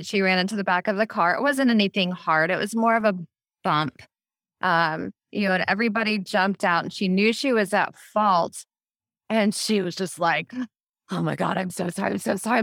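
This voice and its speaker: A woman's voice: mid-range voice, a bit bright, no room sound. Chatty woman telling a story, dry sound. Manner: chatty storyteller, laughs easily. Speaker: podcast co-host. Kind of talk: casual conversational chat.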